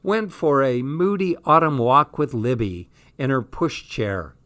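A man's voice: mid-range voice, expressive, a little slow, a bit bright. A man reading a comic first-person diary aloud with dry, sardonic delivery. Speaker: audiobook reader.

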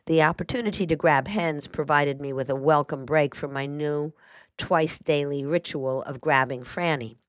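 In an audiobook of a first-person memoir, the narrator is a woman whose voice is low and deep, delivered dry and even at a normal speed. The sound is close-miked and dead, with no echo or room around her.

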